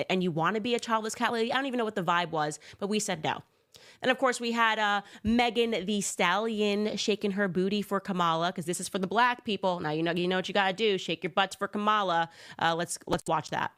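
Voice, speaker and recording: A woman's voice: medium pitch, brisk, fairly bright tone. A woman giving casual, sarcastic political commentary, mocking as she talks. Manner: sarcastic, casual, filler-heavy.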